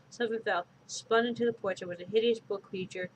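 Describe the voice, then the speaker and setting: Casual woman storybook reader, chatty, mid-pitched, faint background hiss. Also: level tone, a little fast, rough recording. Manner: chatty, unpolished reading. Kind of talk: casual read-aloud with asides to viewers.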